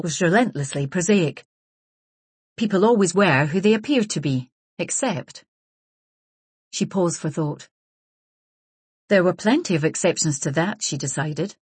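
A woman narrating a novel in a measured, even way. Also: sits low, breathy edge, dry recording. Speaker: audiobook narrator. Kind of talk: scripted narration.

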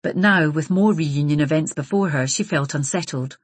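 A woman reads a novel aloud in a measured, even manner. Her voice sits low with a husky, breathy grain, and the recording is dry and close. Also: dry recording. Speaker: audiobook narrator. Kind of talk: scripted narration.

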